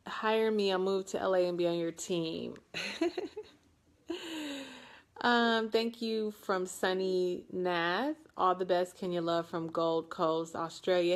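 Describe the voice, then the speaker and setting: A woman in her forties from Detroit, chatting casually as she answers viewer comments, rambling with lots of ums and playful self-mockery. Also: on the low side. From Detroit, USA. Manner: unhurried and rambling, with frequent ums and restarts. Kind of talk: casual live chat reading comments.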